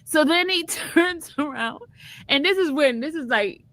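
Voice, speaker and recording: A woman's voice: high-pitched, animated, a little slow, fairly bright tone, dry recording. A woman trial vlogger casually telling a story to her viewers, chatty and often laughing, calling them y'all.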